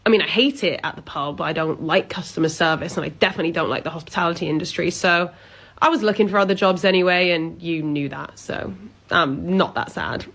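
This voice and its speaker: Young woman, lowish voice, dry sarcastic deadpan delivery for a cartoon sketch. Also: fairly quick. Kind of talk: animated comedy sketch.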